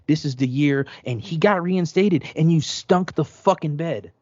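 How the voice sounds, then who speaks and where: A man's voice: mid-range voice, darkish tone, no echo. Man ranting hard on a podcast. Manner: profane, heated ranting storyteller. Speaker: podcast host. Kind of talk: casual sports podcast rant. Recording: dry, dull lo-fi sound.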